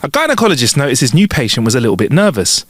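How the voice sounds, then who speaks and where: A man's voice: medium pitch, very animated, racing. A man co-hosting a comedy podcast, reading listener jokes aloud in a playful, chuckling way. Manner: playful, chuckling joke delivery. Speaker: podcast co-host.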